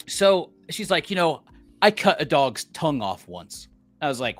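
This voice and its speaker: A man's voice: fairly high pitch, big pitch swings, normal speed, a bit bright, faint music behind. A middle-aged man, a podcast co-host, telling a story as a heated, profane rant and acting out quotes.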